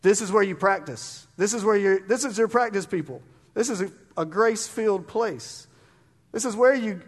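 High-voiced fervent preacher. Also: male voice, normal speed, breathy edge. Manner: fervent, urging, with sudden loud bursts and quiet drops. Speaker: pastor. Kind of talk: sermon. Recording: long reverb of a large room.

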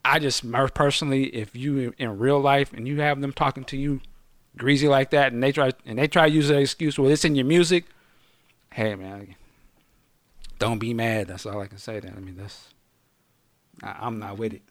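A middle-aged man telling a story in casual podcast chat, slangy and swearing, acting out the quotes loudly. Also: mid-range voice, fairly even intonation, moderate pace, no room sound, clean studio sound.

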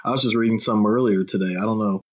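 A man's voice: on the low side, steady tone, fast talker. A man with a Texan accent, chatting casually as a podcast host, rambling, swearing freely and poking fun at himself. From Texas. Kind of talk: casual chat. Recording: dull lo-fi audio.

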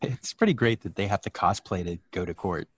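A podcast co-host chatting casually, joking and riffing quickly with friends. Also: low voice, animated, husky. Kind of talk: casual chat.

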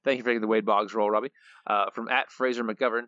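A man's voice: lowish voice, fairly even intonation, quick pace, a bit bright, dry recording, lo-fi sound. A man co-hosting a podcast, reading out listener quotes in a playful way and laughing often. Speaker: podcast co-host.

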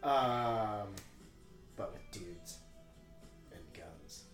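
A man's voice: fairly low pitch, drawn-out words, echoey room, soft background music. A man hosting a podcast, teasing his guest in dry, casual movie commentary. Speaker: podcast host.

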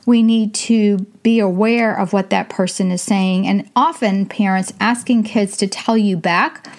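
An older woman hosting a casual advice talk, chatty and full of fillers, often speaking in quick bursts. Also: mid-range voice, steady tone, darkish tone. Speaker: host.

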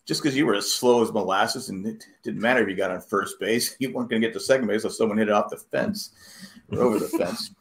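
A man's voice: lowish voice, quick pace. A middle-aged man hosting a podcast in casual chat. He tells rambling stories and acts out quoted lines. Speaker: podcast host.

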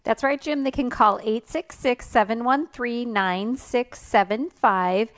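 A woman's voice: on the high side, measured pace. Woman co-hosting a talk radio show.

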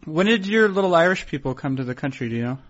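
A young man in casual banter, asking probing questions with halting restarts and laughing asides. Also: a little high, lively intonation, muffled recording.

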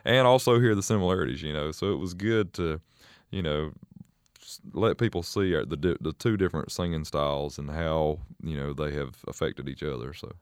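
A man with a very deep, smooth and resonant voice, speaking as the guest in a casual interview. He talks in a halting, measured way, full of fillers. The sound is dry and close. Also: no room sound. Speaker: country singer guest.

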